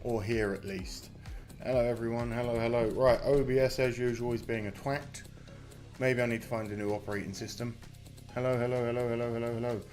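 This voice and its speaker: A British man hosts a casual live stream from a close desk mic, greeting viewers by name, reading their comments, and apologising for his mic volume while in some pain from a muscle injury. His mid-range voice is steady, darkish, and a little fast, with faint music in the background.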